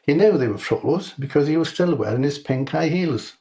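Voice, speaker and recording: Man narrating a deadpan comic story. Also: fairly high pitch, a little fast. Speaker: author reading his own story.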